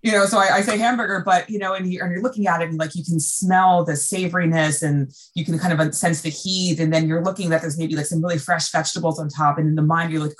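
An American woman, an event designer, chatting casually and telling a vivid story in an animated, emotional way. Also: fairly low pitch, fast talker. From United States. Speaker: event designer, podcast guest. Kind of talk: casual backstage chat.

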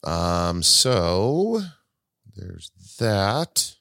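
A man with a very deep voice hosts a podcast on his own, chatting loosely and often restarting his sentences. The recording is dry and close, with no room sound. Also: big pitch swings, very slow, creaky, a bit bright, dry recording. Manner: rambling, self-correcting, chatty. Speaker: podcast host. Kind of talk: casual solo podcast talk.

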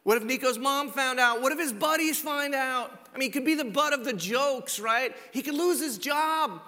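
A male pastor preaching a sermon, telling the story in an animated, conversational way with rhetorical questions. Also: very high voice, moderate pace. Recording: echoey hall reverb.

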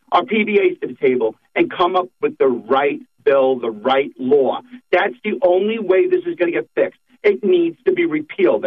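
Over a tinny phone line, a middle-aged man appears as a political guest on a talk show, a state senator. His voice sits fairly high with a breathy edge, and he speaks in a fired-up, emphatic, repetitive way.

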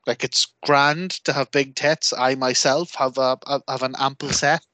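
Bright, rambling man. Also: medium pitch, normal speed, dry recording. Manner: rambling, animated storyteller with many fillers. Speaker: podcast co-host. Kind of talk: casual chat.

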